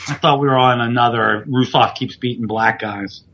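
Podcast host, male wrestler, husky, rambling and self-deprecating, slightly dull recording. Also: medium pitch, fairly even intonation, normal speed. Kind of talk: casual chat.

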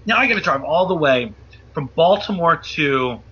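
A man telling a wild story as a guest, animated and profane, acting out the voices of the people in it. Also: fairly high pitch, moderate pace, a little hiss or hum. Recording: muffled lo-fi audio.

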